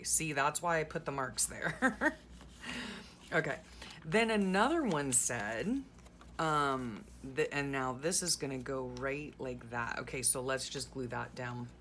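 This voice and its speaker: A woman's voice: rumbling low, a bit bright, a little hiss or hum. A middle-aged woman chatting casually while gluing things into a journal, rambling through a story with sarcastic asides. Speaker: journaling vlogger. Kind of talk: casual chat while crafting.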